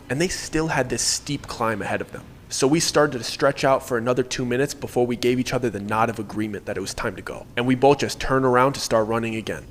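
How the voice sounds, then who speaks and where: A man telling a first-person horror story in an earnest, steady way with casual slang. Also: mid-range voice.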